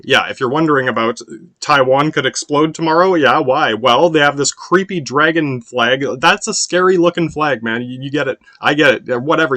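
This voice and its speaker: A man hosting a podcast, rambling in a casual monologue, swearing often and filling every pause with "yeah". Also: medium pitch, fairly bright tone, dry recording. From United States. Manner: meandering, profane, constant "yeah" fillers. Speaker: podcast host.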